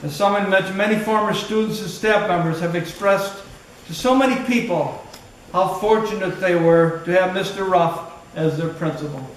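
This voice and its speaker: A man's voice: sits high, normal speed. An older man giving a funeral eulogy as a former school colleague, telling fond stories. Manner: storytelling, fond, chuckling. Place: large hall at a funeral service. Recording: echoey hall, distant mic, noisy.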